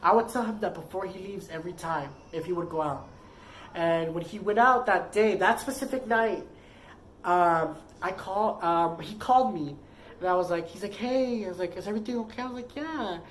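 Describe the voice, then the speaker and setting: A woman tells a long personal story in a casual, meandering way, leaning on "like" and restarting her sentences often. Her voice sits a little low for a woman. A faint hiss of noise runs under the recording. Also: moderate pace, rough recording. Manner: rambling, heavy use of "like".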